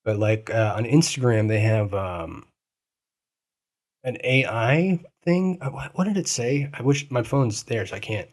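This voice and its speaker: A man's voice: medium pitch, expressive, measured pace. A man co-hosting a podcast in casual chat, teasing his friend and rambling, swearing freely. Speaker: podcast co-host.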